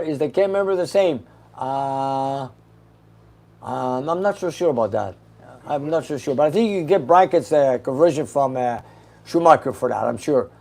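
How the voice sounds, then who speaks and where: A man's voice: on the high side, darkish tone. A man hosting a casual livestream, reading viewer comments aloud and answering them briefly with an easy laugh. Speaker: host reading live chat questions.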